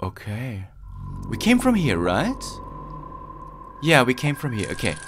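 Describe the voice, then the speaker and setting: A let's play gamer talks slowly through a creepy game, easily spooked and often exclaiming in nerves. The pitch rises and falls widely. Faint noise sits under the voice. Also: wildly swooping pitch, a bit bright. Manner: slow, easily spooked, lots of nervous exclamations. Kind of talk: casual gameplay commentary.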